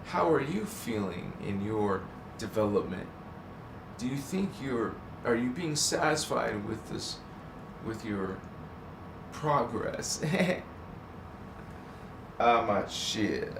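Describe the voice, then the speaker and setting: A man's voice: lowish voice, animated, slow, gravelly, pauses often. Host, male, playful and chatty, laughs a lot; sits back from the mic, faint hiss behind. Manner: playful, laughs often, greets chat viewers. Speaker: live stream host. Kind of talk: casual live stream chat. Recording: echoey, distant mic, faint background noise.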